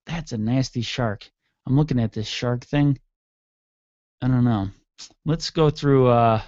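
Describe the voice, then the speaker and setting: A man's voice: mid-range voice, gravelly, a little mellow, no room sound, dull audio. A man hosting an internet radio show, rambling and cursing sarcastically in a casual solo rant.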